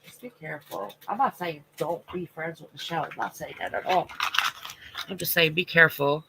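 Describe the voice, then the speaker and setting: A man's voice: a little high, steady tone, a little fast, gravelly, background noise. A man hosting a casual livestream, talking bluntly and with plenty of swearing as he responds to viewer comments, sounding congested with a stuffy nose. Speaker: livestream host.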